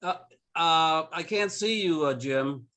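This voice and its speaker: A man's voice: fairly high pitch, slow pace, sharp tone. A man giving jovial, earnest remarks at a club meeting. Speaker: club member.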